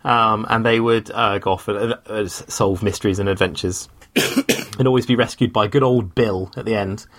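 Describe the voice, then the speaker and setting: Rambling podcast host. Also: male voice, lowish voice, fairly even intonation, normal speed, a bit bright. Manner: rambling, hesitant, laughs easily. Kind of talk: casual comedic chat.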